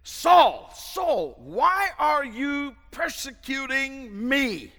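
A preacher voicing a commanding male voice from heaven, in loud, ringing calls. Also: very high-pitched, big pitch swings, extremely slow, pitched above the performer's own voice, full character voice. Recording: long hall reverb.

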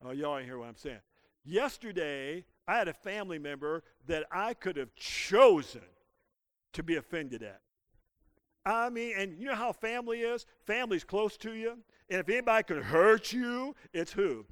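A man's voice: high-pitched, expressive, moderate pace, a bit bright, no room sound. A man preaching a sermon as pastor, calling out to the congregation and asking them to repeat after him. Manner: preaching with call-and-response to the congregation. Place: church.

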